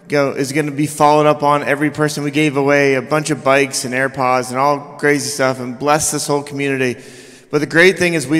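A man's voice: mid-range voice, a bit bright. A young man giving an informal mission report in church, a bit out of breath, with many fillers. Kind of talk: testimony. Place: large church sanctuary. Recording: long hall reverb.

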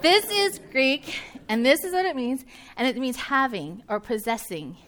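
A woman's voice: sits high, lively intonation, normal speed, a bit bright. A woman with a Southern US accent preaching a sermon in a conversational way, with joking asides and voiced reactions from her listeners.

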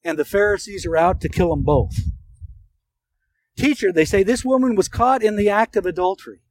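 A male pastor preaching a sermon, retelling scripture stories earnestly with dramatic pauses. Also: high voice, low-quality recording.

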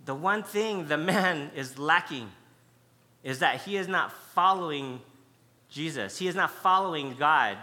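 A man's voice: fairly high pitch, lively intonation, a little slow, bright, forceful tone. A man preaching a sermon, emphatic and conversational, stressing key words by repeating them. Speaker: pastor.

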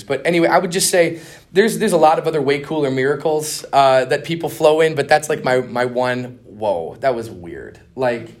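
A young man giving a conference master class, telling stories in a casual, earnest way with slang and restarts. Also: medium pitch. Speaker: conference speaker. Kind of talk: conference teaching talk.

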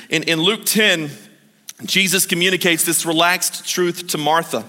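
Bright, high-voiced male pastor preaching. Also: moderate pace. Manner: lively, joking, chuckles at his own points. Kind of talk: sermon. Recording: long hall reverb.

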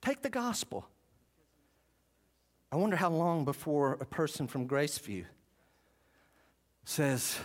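A man preaching a sermon, switching between emphatic preaching and low, contemplative asides. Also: very animated, slow pace, pauses often. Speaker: pastor.

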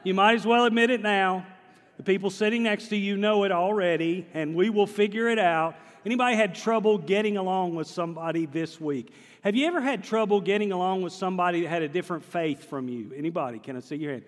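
A male pastor delivers a lively, humorous sermon with a high-pitched voice, often asking the congregation questions. He tells his stories with animation. His voice carries through a church sanctuary with a long reverb. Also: fast talker.

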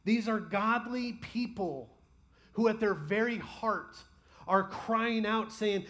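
A male pastor delivers a sermon with a high, ringing voice. He throws himself into imagined prayers with real passion, then settles into quiet, personal asides. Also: takes it slowly.

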